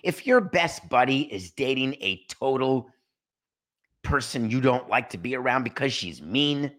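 A middle-aged man riffs through a solo sports podcast monologue. His voice is bright and forceful. He slips into made-up dialogues and acts them out as he goes. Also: mid-range voice, measured pace. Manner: animated, acts out imagined dialogues. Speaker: podcast host.

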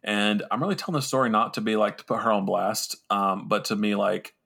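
A young man tells a rambling, profane, self-mocking story on his podcast, talking loosely with lots of fillers and restarts. He goes a little fast, and his low voice combines a gravelly fry with a bright, forward edge.

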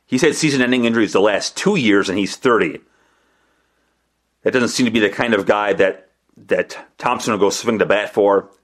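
A man's voice: lowish voice, moderate pace. A man hosting a casual sports talk monologue, rambling and correcting himself as he talks through the market for players. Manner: rambling, self-correcting, conversational. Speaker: sports reporter and podcast host.

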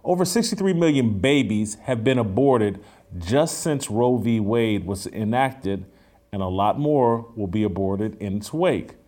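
A man's voice: lowish voice, lively intonation, unhurried, darkish tone. A man hosts his own talk show, talking straight to his audience in a fired-up monologue. He speaks with urgency and emphasis and often stops on filler sounds between his points.

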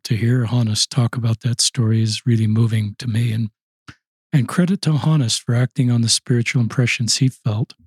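A man hosting a podcast, speaking in an earnest, measured way to his listeners. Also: mid-range voice, a little mellow, husky, no room sound, low-quality recording. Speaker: podcast host. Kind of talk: reflective talk.

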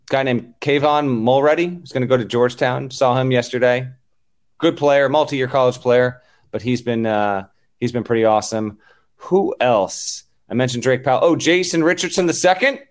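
Man rambling through a tournament recap. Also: mid-range voice. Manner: loose, rambling recap with fillers. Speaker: podcast host. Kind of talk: casual chat. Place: live at a basketball tournament.

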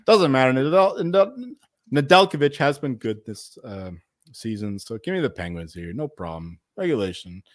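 A tipsy man co-hosting a casual podcast, teasing his co-host and swearing as he talks. His pitch swings widely and animatedly, and the recording sounds close and dry. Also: very animated, normal speed, dry recording. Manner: profane, teasing. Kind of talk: casual chat.

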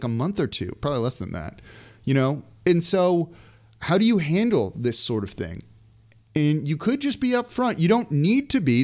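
Male sports podcast host, slightly high voice, chatty solo commentary full of asides. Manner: animated, conversational, frequent asides.

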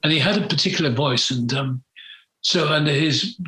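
Older guy rambling through old stories, frank and full of ums, bright tense voice, echoey room. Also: a little high, moderate pace. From Britain. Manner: rambling, frank, hesitant with many fillers. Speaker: guest. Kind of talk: reminiscing interview. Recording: roomy echo.

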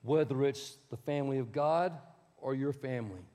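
A man's voice: medium pitch, moderate pace, dark tone, long reverb tail. A male pastor preaching a sermon in a conversational way, with asides to the congregation.

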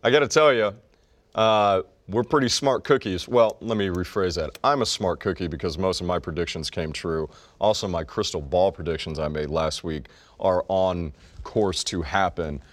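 Low-voiced wisecracking man, dry sound. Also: moderate pace, no room sound. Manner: wisecracking, sarcastic. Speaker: podcast co-host. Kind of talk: casual sports chat.

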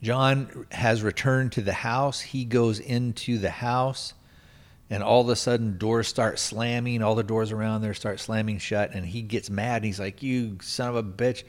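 Podcast host, male, lowish voice, loose rambling plot recap full of restarts. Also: flat delivery, unhurried. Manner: rambling, lots of restarts and "you know". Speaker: podcast host reviewing a film. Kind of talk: casual plot retelling.

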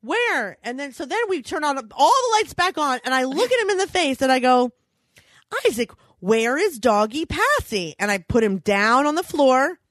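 High, lively-voiced woman telling a story. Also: brisk, few pauses, no echo. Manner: animated, laughing, swearing freely. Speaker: storyteller, mother. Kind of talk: casual chat.

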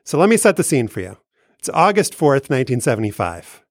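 Man, podcast co-host, playful storyteller, mid pitch, dry mic. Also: sing-song, fairly quick, no room sound. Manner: playful, theatrical scene-setting.

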